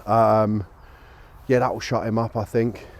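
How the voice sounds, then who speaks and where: A man's voice: lowish voice, level tone, measured pace. A tired man chatting casually while walking his dog outdoors, rambling and easygoing with lots of fillers, recorded on a small action camera. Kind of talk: casual walk-and-talk chat. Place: outdoors on a local street at dusk.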